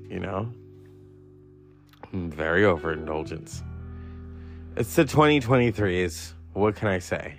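A man in his forties talking in a rambling solo monologue, swearing and mocking himself, jumping high when he quotes himself. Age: 40s. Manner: swearing, self-mocking, jumps between topics.

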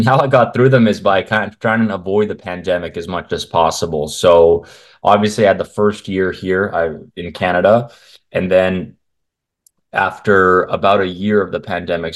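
A man speaking as a guest, a men's health coach, chatting bluntly and with strong opinions in long rambling runs over a video call. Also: deep voice. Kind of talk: casual interview conversation. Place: at home in Canada.

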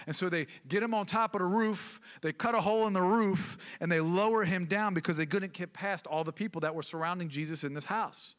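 A man's voice: high-pitched, brisk, few pauses, fairly bright tone. A male pastor preaching a sermon in a conversational way, with casual asides and questions to the congregation.

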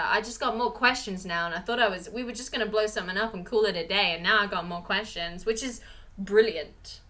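A woman co-hosting a casual chat, animated and rambling as she reacts to a comic book. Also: medium pitch, a little fast. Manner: animated, rambling, jumps into voices of characters.

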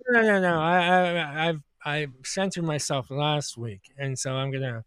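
A man co-hosting a comedy podcast who rambles through his anecdotes, laughing and stumbling over his words. His voice sits a little high, and the recording is dry and close. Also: measured pace, fairly bright tone, clear, resonant tone, no room sound. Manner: laughing, rambling, stammers and restarts. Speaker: podcast co-host. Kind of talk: casual comedy podcast storytelling.

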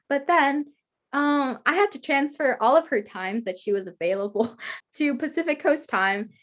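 A woman's voice: high-pitched, expressive, normal speed. A woman hosting an interview over a video call, chatting casually, giggling often and rambling through her stories. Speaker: guest host interviewer. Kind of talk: casual chat.

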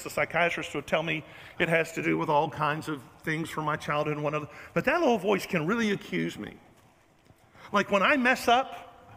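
Speaking to the congregation in a large hall, a high-pitched pastor preaches animatedly in the church sanctuary, joking and mocking himself as he goes.

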